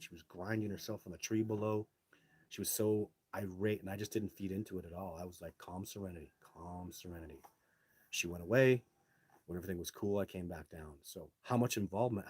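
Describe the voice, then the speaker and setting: A middle-aged man hosting a live show, telling his own stories casually and answering viewer questions in an animated way, with some swearing. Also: on the low side, breathy edge, no echo.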